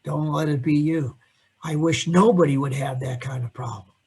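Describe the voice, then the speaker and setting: Male accounting instructor, husky and a touch high, lively teasing classroom lecture. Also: moderate pace. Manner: animated, teasing, quizzes students by name. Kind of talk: classroom lecture with questions to students.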